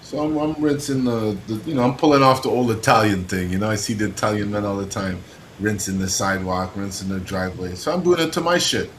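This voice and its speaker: A man co-hosting a casual talk stream, telling stories in an animated, profane way. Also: fairly low pitch, fast talker, a little hiss or hum, poor audio. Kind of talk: casual livestream chat.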